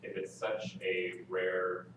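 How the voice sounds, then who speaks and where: A man's voice: sits low, little pitch movement, slow. A man speaking up from the audience at a writing workshop, making thoughtful, hedging remarks. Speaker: workshop participant. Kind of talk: casual comment from the audience. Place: library meeting room. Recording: echoey room, heard from far off, noisy.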